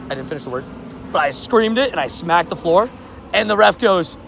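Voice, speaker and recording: A young man streaming, telling sports stories in a casual, animated way, laughing and repeating himself. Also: high voice, fast talker, gravelly, slight background noise. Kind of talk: casual livestream storytelling.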